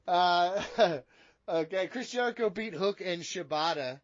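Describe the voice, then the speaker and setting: A man's voice: high-pitched, expressive, measured pace, dull audio. A man co-hosting a wrestling review podcast, bantering in a brash, joking way with lots of swearing. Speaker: podcast co-host. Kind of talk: casual wrestling review chat.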